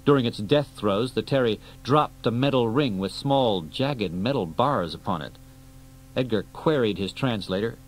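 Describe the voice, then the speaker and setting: A man reading an audiobook aloud in a steady storytelling delivery. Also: medium pitch, moderate pace, slight background noise, rough recording. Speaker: audiobook reader. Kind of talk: audiobook narration.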